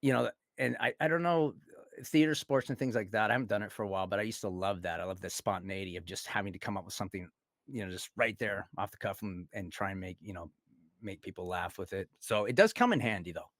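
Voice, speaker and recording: A man's voice: lowish voice, fast, a bit bright, no room sound, clean studio sound. A middle-aged man, a voice actor, chatting playfully in an interview, laughing often and slipping into goofy voices for quotes. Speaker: guest voice actor. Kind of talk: casual interview chat.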